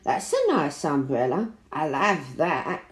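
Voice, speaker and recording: A woman voicing a chirpy female burglar who is a mother, talking in an excitable, chatty way. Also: low voice, takes it slowly, pitched below the performer's own voice, full character voice. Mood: sly. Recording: roomy echo.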